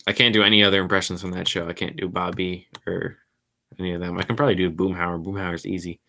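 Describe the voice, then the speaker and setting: A man hosting his own podcast stream, rambling along casually in a low-key, somewhat mumbly way. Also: level tone, quick pace, sharp tone. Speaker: podcast host. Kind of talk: casual solo livestream chat.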